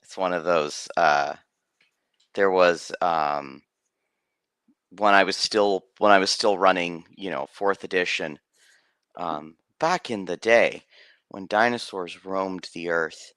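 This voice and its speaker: A man's voice: deep voice, slow, fairly bright tone, clean tone, no echo. A man who runs tabletop games, telling a story in casual stream chat, rambling with many restarts and fillers. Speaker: game master.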